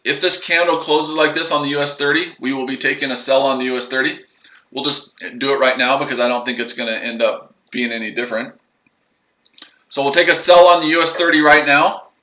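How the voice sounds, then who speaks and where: A man hosts a live trading stream in a loose, rambling way, repeating his points and tossing in crude jokes. His voice sits a bit high and comes across bright and edgy. The room he talks in is echoey. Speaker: trading livestream host. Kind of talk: casual live trading commentary.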